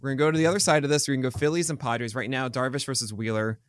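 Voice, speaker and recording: A man's voice: mid-range voice, steady tone, rapid-fire, clean tone, dry recording. A man co-hosting a baseball podcast, talking casually and rambling with many ums and restarts. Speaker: podcast co-host. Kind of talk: casual sports chat.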